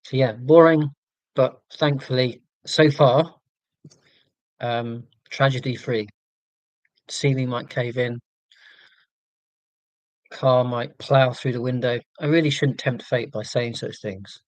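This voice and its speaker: A Scottish man talks casually on his own live stream from home, wandering from thought to thought and poking fun at himself. His voice sits at an ordinary middle pitch. The sound is close and dry, with no room echo. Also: fairly even intonation, takes it slowly, pauses often. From Scotland. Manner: rambling, self-deprecating, reads out viewer comments.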